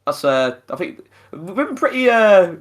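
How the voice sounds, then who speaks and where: This podcast host has a high, very animated voice but takes his time. He chats casually, cursing freely and often stumbling into fillers and false starts.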